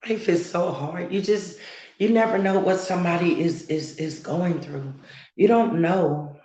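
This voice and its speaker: Earnest woman in an echoey room. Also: fairly low pitch. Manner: earnest, emotional, halting. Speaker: live-stream content creator. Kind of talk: heartfelt live-stream talk.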